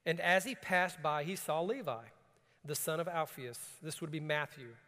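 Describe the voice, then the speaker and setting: High-voiced, emphatic preaching man in a reverberant hall. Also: normal speed. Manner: preaches with rising, emphatic bursts and laughter, reads scripture calmly. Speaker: pastor. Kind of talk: sermon.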